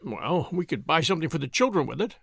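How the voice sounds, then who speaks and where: A man's voice: high-pitched, big pitch swings, brisk, no room sound, clean studio sound. A man voicing an indignant, self-important male village druggist in a read-aloud story, blustering and brusque.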